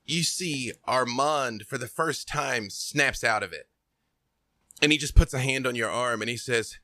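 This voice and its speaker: A man narrating as game master of a tabletop game, calm and deliberate with playful asides. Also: mid-range voice, dry recording.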